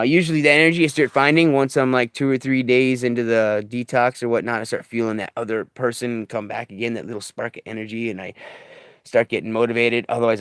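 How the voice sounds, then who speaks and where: A man talking in a rambling, halting confessional video diary, emotional as he comes off substances, often trailing off quietly. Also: sits low, smooth, dry recording, clean studio sound. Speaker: vlogger. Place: living in a stuck bus in the desert.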